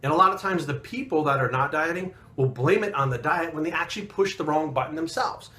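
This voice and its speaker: A man's voice: on the high side, fast talker, bright, forceful tone. A man telling a story in casual talk, blunt and profane, getting heated as he goes. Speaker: fitness coach and bodybuilder.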